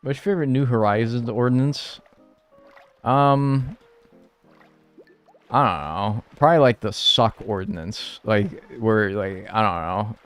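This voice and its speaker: A man's voice: lowish voice, unhurried, long pauses, smooth, soft background music. A young man live-streaming, reading viewer messages and answering them in casual, joking banter with bursts of mock outrage.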